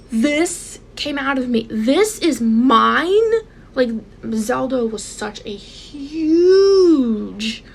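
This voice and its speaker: Woman in her thirties, very gravelly, fairly high voice, emotional vlog storytelling, light background noise. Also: a bit bright. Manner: emotional, emphatic, with many repeats. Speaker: vlogger. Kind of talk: personal storytelling to camera.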